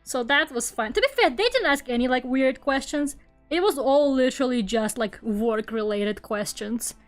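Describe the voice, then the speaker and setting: Young streamer woman, Russian accent, high voice, rambling chat over faint music. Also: normal speed. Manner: rambling, laughs often, lots of fillers. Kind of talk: casual chat while drawing on stream.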